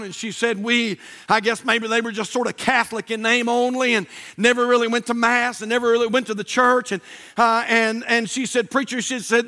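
A male pastor delivers a lively sermon in a very high voice. His tone is bright and ringing. He carries long anecdotes and climbs into shouted emphasis. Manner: animated storytelling preacher, shouting at peaks. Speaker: Baptist pastor.

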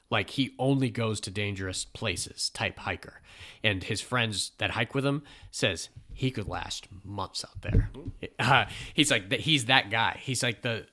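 An American man hosting a podcast, talking in a loose, rambling way. His voice sits a little low and sounds bright and forceful, with plenty of energy behind the casual chat. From United States. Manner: rambling, animated, swearing, laughing. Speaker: podcast host.

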